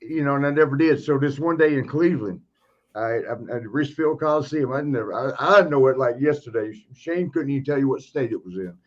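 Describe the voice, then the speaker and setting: A man's voice: medium pitch, fairly quick, highs cut off. A man telling wrestling stories in casual podcast chat, laughing often and acting out the people in them. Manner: laughing, animated storyteller acting out other people. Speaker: podcast guest, retired wrestler.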